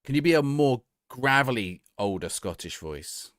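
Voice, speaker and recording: A man's voice: medium pitch, animated, moderate pace, fairly bright tone, no room sound, studio quality. A man streaming a game live, joking around and talking to an AI voice. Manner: playful, joking, talks to the game and AI. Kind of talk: live gameplay commentary.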